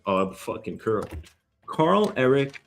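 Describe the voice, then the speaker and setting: A man runs his own news show in a loose, swaggering ramble, swearing freely as he jumps between topics. His voice sits at an ordinary middle pitch. Faint music plays behind him. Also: big pitch swings, slow, creaky. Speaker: host. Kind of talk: casual news commentary.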